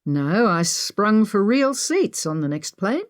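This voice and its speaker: A woman's voice: mid-range voice, big pitch swings, slow, no echo, pitched above the performer's own voice. A woman voicing a wry, teasing adventurer man with a dry sense of humor.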